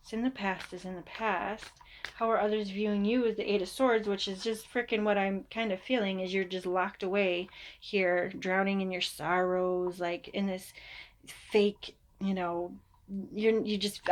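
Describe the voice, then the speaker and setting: A woman's voice: mid-range voice, steady tone, normal speed. A woman giving a casual, chatty tarot reading. She reassures her listeners and now and then mimics them in a mock voice. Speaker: tarot reader.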